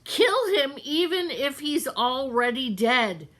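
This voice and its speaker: A woman voicing a bossy, loud female castle cook in a read-aloud storybook, barking orders in a shrill, impatient voice. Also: very animated, slow, heavily acted. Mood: shouting.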